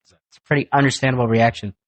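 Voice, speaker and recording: A young man on a family podcast, telling an animated story and swearing casually. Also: medium pitch, racing, dry recording. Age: young adult. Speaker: guest, son.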